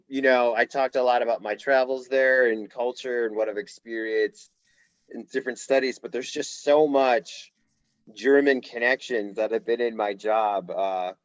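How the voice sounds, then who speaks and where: A man's voice: medium pitch, no room sound. Dry, muffled man telling a story. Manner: animated storyteller, acts out quotes. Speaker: podcast co-host. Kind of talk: casual podcast chat.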